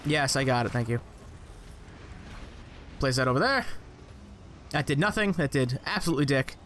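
A man's voice: mid-range voice, lively intonation, normal speed, fairly bright tone, a little hiss or hum. A young man commenting on his own gameplay, exclaiming, joking to himself and swearing as he plays. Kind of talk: casual let's play commentary.

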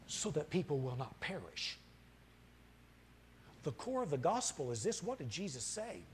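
Over a noisy background, a middle-aged pastor preaches in a church sanctuary with a slightly high, sing-song voice at a moderate pace. He asks the congregation rhetorical questions and builds to fired-up, impassioned peaks.

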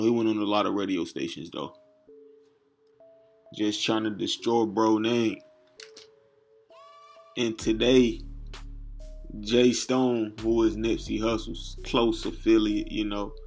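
A man hosting a casual commentary vlog, talking loosely in street slang and reading captions aloud to his viewers. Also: lowish voice. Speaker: YouTube commentary host.

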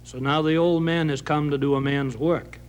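A man's voice: on the high side, steady tone, normal speed, lightly acted. A man voicing the angry, muttering old man of the sea. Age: older.

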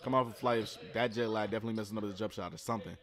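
A man reacting to a streetball game, giving casual commentary with slang and sudden loud outbursts. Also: on the low side, steady tone, very fast. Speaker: reaction streamer commenting on basketball.

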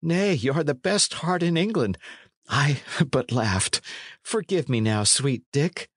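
A man's voice: mid-range voice, lively intonation, a little slow, dry recording, clean studio sound, pitched above the performer's own voice. A man reading an audiobook, voicing a timid young male runaway who speaks earnest, anxious old-fashioned English. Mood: pleading. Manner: earnest, anxious, archaic speech.

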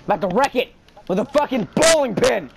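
A man cursing and yelling loudly in casual chat while playing a video game with a friend. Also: very high-pitched, lively intonation, brisk, creaky, background noise. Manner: loud, profane, yelling outbursts. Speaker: gamer playing online with a friend. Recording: loud game sound behind the voice.

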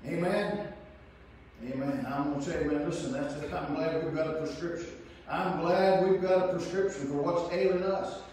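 A man preaching a fervent revival sermon that repeats its phrases and builds to shouts. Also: on the high side, steady tone, brisk, few pauses. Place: church. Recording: very echoey, far from the mic.

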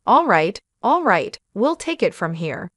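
A woman voicing a calm, cheerful police officer who speaks politely, in a story reading. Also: mid-range voice, a little slow, no room sound, studio quality.

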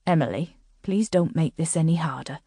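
A woman's voice: deep voice, normal speed, warm tone, slightly rough, no echo, clean studio sound, pitched below the performer's own voice. A woman voicing a guilty ex-girlfriend who talks in a defensive, wheedling, sheepish way.

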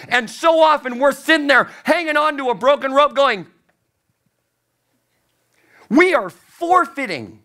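A man's voice: very high-pitched, lively intonation, measured pace, long pauses, bright, forceful tone. A man preaching a sermon as a youth pastor, emphatic and repeating key phrases, his voice climbing on the points he stresses.

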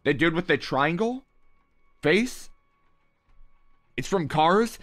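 A man's voice: a little high, lively intonation, slow, fairly bright tone. A young man livestreaming a mobile game, reading his chat aloud with hyped, playful, slangy banter. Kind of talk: live gaming stream, reading chat.

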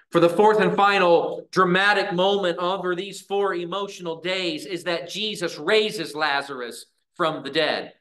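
A man preaching a sermon in a church, earnest, with dramatic pauses and voiced prayers. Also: fairly high pitch, fairly bright tone. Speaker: pastor.

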